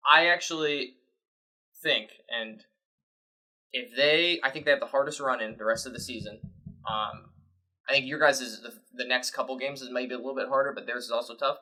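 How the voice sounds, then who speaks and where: A man's voice: medium pitch, fairly even intonation, normal speed, pushed and bright, low-quality recording. A man co-hosting a sports podcast, giving rambling, opinionated takes in casual chat. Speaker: podcast co-host.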